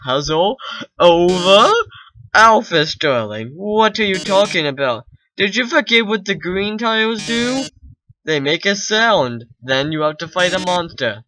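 A man's voice: high voice, bright, forceful tone, slight background noise, exaggerated voice, rough recording. A man voicing a flamboyant male showbiz robot villain in a theatrical, camp manner, over game music. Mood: gloating. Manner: dramatic, camp, drawn-out mock grief.

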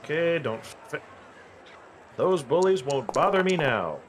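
A man's voice: on the high side, expressive, measured pace, a little hiss or hum. Man playing a tabletop game. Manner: wry, describes his character's actions. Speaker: player. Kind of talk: casual tabletop game play.

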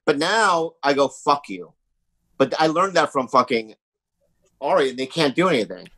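A man's voice: on the high side, animated, normal speed, sharp tone, no room sound, poor audio. A man guesting on a podcast, chatting casually and rambling through stories with lots of fillers, acting out other people's voices along the way. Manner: rambling storytelling with many fillers. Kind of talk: casual chat.

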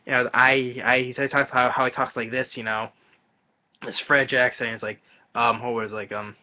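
A man giving a casual, rambling film review, halting often and restarting his sentences. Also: medium pitch, level tone. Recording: dull lo-fi audio.

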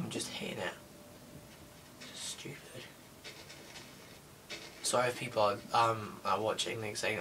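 With a lowish, steady voice, a young gaming creator comments on his game a little slowly and pauses often. He mutters and grumbles, sounding unenthusiastic. The recording has a noisy background and comes from a distant mic with music playing.

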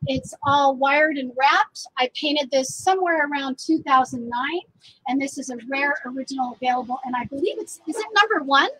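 A woman's voice: high voice, expressive, moderate pace, a bit bright, slight background noise, rough recording. A woman artist hosting a casual live stream outdoors, bubbly and laughing often. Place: outdoors, a little windy.

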